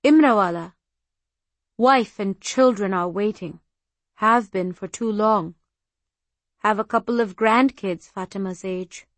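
A woman's voice: mid-range voice, a little slow, pauses often, no echo, lightly acted. An older village grandfather talks in short, plain, clipped phrases in a storybook reading, as a woman reads him. The recording is dry and close.

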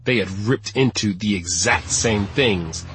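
A man narrating an audiobook in a steady, measured storytelling voice. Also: on the low side, a little hiss or hum, low-quality recording. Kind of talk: scripted narration.

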